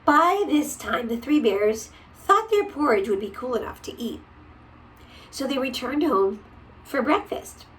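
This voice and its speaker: A woman reading a picture book aloud to a child, gentle and often dropping to a whisper. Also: sits high, lively intonation, unhurried, distant mic, a little hiss or hum, poor audio.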